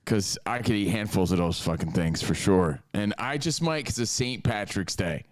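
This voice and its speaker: A man's voice: on the low side, expressive, moderate pace, no room sound, studio quality. A man co-hosting a podcast in casual chat, joking crudely from a hotel. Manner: crude, jokey banter. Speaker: podcast co-host. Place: hotel in Las Vegas.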